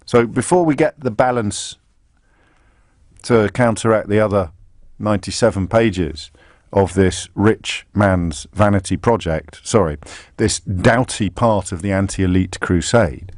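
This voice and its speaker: A man's voice: on the low side, a little slow, darkish tone, no echo, studio quality. A man hosting a live radio talk show, reading aloud on air with sarcastic, mocking asides. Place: radio studio. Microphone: studio microphone.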